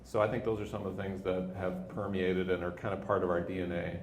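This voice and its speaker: A man in his fifties, a company leader telling anecdotes in an interview, with a relaxed manner and frequent restarts. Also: sits low, fast talker. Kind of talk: storytelling in an on-stage interview. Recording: echoey room with faint noise.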